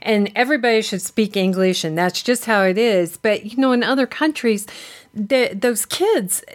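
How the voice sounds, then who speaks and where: A woman's voice: medium pitch, moderate pace. A woman co-hosting a podcast, telling stories in a rambling, chatty way during casual conversation. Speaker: podcast co-host. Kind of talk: casual chat.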